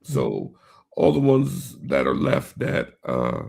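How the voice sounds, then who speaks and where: Gravelly, wry movie podcast co-host. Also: male voice, very deep voice, huge pitch swings, darkish tone. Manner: wry, hesitant, drawn-out fillers. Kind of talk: casual movie chat.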